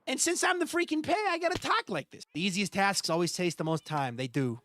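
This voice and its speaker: A man voicing a loud, brash talking pear in a deliberately bad mock Boston accent, with a raised, shouty, nasal delivery. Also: sits high, big pitch swings, slight background noise, heavily acted.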